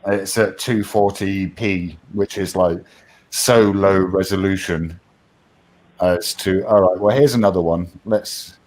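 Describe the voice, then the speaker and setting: A man's voice: deep voice, steady tone, slow, a little mellow, rough recording. A man with a New Hampshire accent hosting a casual stream, rambling and laughing at himself. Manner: rambling, self-deprecating, laughs often. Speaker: stream host. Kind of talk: casual chat.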